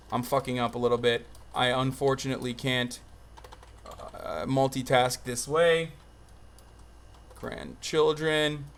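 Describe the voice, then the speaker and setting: A man's voice: mid-range voice, fairly bright tone, clear, resonant tone. A young man streaming live commentary, rambling, swearing and easily exasperated, recorded on a phone. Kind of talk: livestream commentary.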